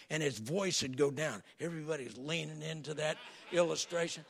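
A man preaching a sermon as pastor, telling folksy stories in an animated, lively way, with a raspy voice. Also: fairly high pitch, brisk, hardly any pauses.

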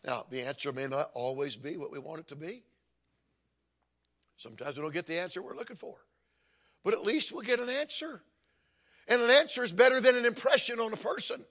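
An older man preaching a sermon, telling stories and building to emphatic, forceful points. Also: high voice, a little fast, long pauses. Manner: storytelling preacher, rising to emphatic calls. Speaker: pastor.

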